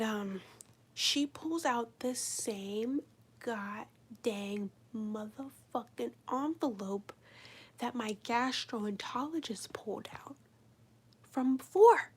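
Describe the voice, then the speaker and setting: A woman chatting casually on a live stream, telling a rambling, profane story full of "like" and sometimes dropping to a hushed whisper. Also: fairly high pitch, slow pace, husky. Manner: drops into a hushed whisper at times.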